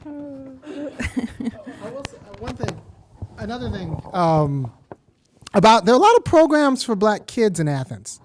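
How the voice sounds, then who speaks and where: A man's voice: very high voice, very animated, a little slow, pauses often, breathy edge. A man hosting a panel, speaking in a wry, casual way and laughing between points. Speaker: panel host.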